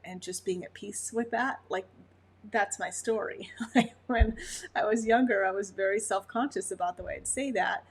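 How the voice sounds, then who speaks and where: A woman's voice: medium pitch, moderate pace, husky. A woman from Montana with a Montana accent, a dog breeder chatting casually on a livestream, laughing often and answering viewers' comments. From Montana, USA.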